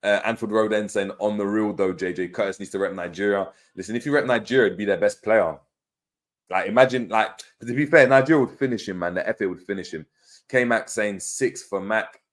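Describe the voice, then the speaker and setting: A man's voice: lowish voice, fairly quick. A man hosting a casual live stream, laughing often, bantering in slang and reading viewer comments aloud. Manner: slangy banter with many fillers. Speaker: host of a fan live stream.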